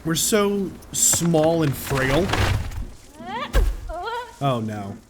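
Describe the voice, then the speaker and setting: Excitable joking man playing a game. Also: a little high, very slow, very noisy. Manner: jokey, excitable reactions with sudden yelps. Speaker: gameplay commentator. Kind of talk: let's-play commentary.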